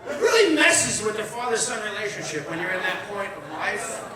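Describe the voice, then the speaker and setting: A middle-aged man performing a brash, profane stand-up comedy set with shouted bursts. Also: sits high, big pitch swings, fairly quick, a loud crowd. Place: comedy show venue. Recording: echoey room, distant mic, audience.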